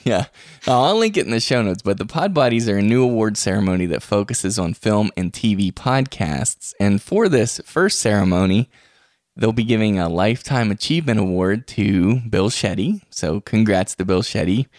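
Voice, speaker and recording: A man's voice: on the low side, animated, normal speed, darkish tone, no room sound, clean studio sound. A man hosting a podcast in casual chat, chatty and laughing often. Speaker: podcast host. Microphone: podcast microphone.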